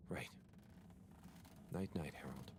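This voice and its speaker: A man's voice: very deep voice, slow pace, background noise. A shy, muttering young man. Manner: mutters to himself, soft half-whispered asides. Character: shy, tired young man talking to his pet fish. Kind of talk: video game voice acting. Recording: game audio with ambience.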